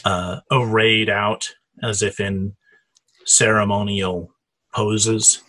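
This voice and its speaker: Man, tabletop game master, husky low voice, halting delivery. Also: little pitch movement, pushed and bright. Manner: hesitant, many fillers and restarts.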